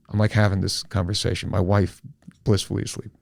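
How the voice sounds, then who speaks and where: Candid, animated man hosting a podcast. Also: low-pitched, creaky, no room sound, studio quality. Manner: animated, candid, swings between slow and rushed. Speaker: podcast host. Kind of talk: personal storytelling in a podcast talk.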